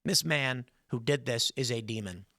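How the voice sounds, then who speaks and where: A man's voice: mid-range voice, moderate pace, sharp tone, no room sound, clean studio sound. A man hosting a podcast, telling a story and giving heated commentary, angry and swearing as he talks. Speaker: podcast host.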